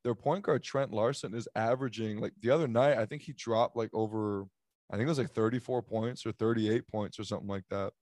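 A man's voice: on the low side, fairly even intonation, a little fast, a little mellow, no room sound. Joking man talking sports, dry sound. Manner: joking, rambling with fillers. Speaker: sports podcast host. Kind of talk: casual sports chat.

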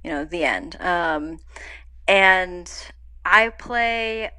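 A young adult woman, an actor being interviewed, telling stories in a lively, casual way and acting out quoted lines. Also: extremely slow. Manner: animated storytelling, acts out quotes with big pitch jumps. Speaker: actor guest.

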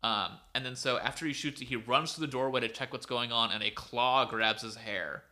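A man's voice: mid-range voice, brisk, sharp tone. A man co-hosting a podcast, retelling a story casually over a video call, filling it with "like" and "um". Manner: rambling, filler-heavy. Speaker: podcast co-host.

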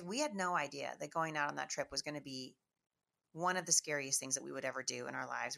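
A middle-aged woman from Washington State, a Christian speaker telling a lively personal testimony to an audience with chatty restarts. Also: low-pitched, gravelly. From Washington State, USA. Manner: chatty, animated storyteller with frequent restarts. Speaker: Christian speaker and homeschool teacher.

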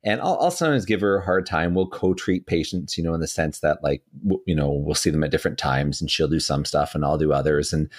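A man with a low voice co-hosts a physio podcast. He tells his own clinic story in an easygoing, measured way and chuckles along with his co-host. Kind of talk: casual storytelling chat.

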